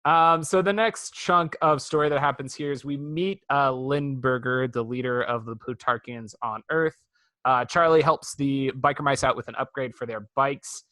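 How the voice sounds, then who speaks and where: A male podcast co-host talking casually, with a wry, sarcastic streak. His voice sits at an ordinary middle pitch. The sound is dry and close, with no room in it. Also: fairly even intonation, normal speed, pushed and bright, no echo. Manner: chatty, wry, sarcastic asides. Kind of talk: casual chat reviewing a cartoon.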